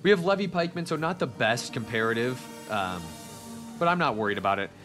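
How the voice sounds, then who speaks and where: A man's voice: medium pitch, expressive, fairly quick, music in the background. A man giving casual gameplay commentary as a video host, chatting straight to his viewers.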